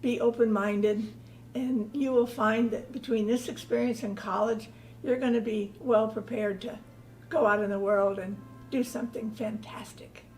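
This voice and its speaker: A woman's voice: on the high side, steady tone, normal speed, darkish tone, soft background music, rough recording. Older woman giving earnest encouragement. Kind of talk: advice speech.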